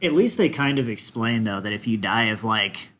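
A man's voice: fairly low pitch, animated, moderate pace, a bit bright, a little hiss or hum. A man co-hosting a casual podcast chat, easygoing and jokey. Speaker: podcast co-host.

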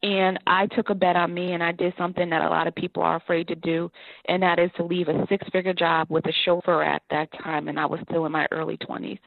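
A woman guest telling her life story in an interview, earnest and animated, often laughing. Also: on the low side, fast, gravelly, dry recording. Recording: tinny phone line.

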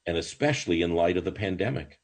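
An older man speaks with a deep, husky voice. He is a rabbi telling stories as a guest in an interview. His delivery is lively and swooping, full of restarts and asides. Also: fast. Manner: animated, swooping storyteller with many false starts. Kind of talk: storytelling in a podcast interview.

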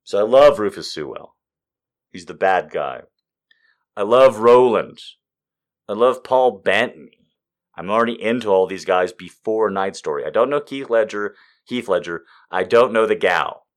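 A man in his thirties giving a casual comedic monologue, swearing freely and swinging between loud outbursts and muttered asides. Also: on the low side, moderate pace.

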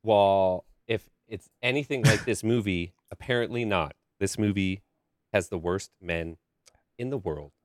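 A man's voice: deep voice, a little slow, dry recording, studio quality. A man co-hosting a podcast in casual chat, laid-back and drawing out his phrases. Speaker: podcast co-host.

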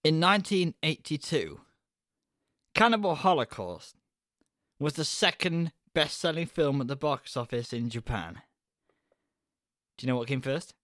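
A man's voice: a little high, lively intonation, unhurried, long pauses, a bit bright, dry recording, clean studio sound. A man co-hosting a film podcast, reading trivia aloud in a playful way. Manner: playful, reads facts aloud. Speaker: podcast co-host. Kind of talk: casual film chat.

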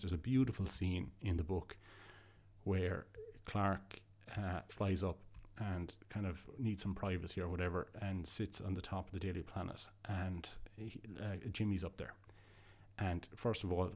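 This man's voice sits low with a darkish tone. As a podcast host, he reviews comics in a relaxed, excited way, wandering off, starting sentences over and leaning on fillers.

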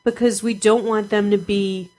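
A woman's voice: mid-range voice, moderate pace, poor audio. A woman in her thirties chatting casually as a podcast co-host and mother, telling stories with animation and laughing. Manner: animated storyteller, laughs while talking. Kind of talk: casual chat.

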